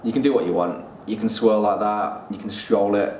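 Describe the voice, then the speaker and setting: Male reviewer, lowish voice, chatty and halting, echoey room, mic a bit far off. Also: a little mellow. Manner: chatty, pausing, repeats words while thinking. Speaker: whisky reviewer. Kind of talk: casual spoken review. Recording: roomy echo, distant mic, faint room noise.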